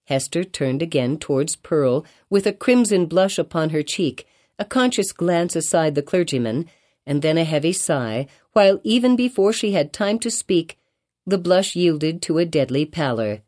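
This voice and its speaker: A woman narrating an audiobook of a classic novel in a measured, formal reading. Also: low-pitched, lively intonation, darkish tone.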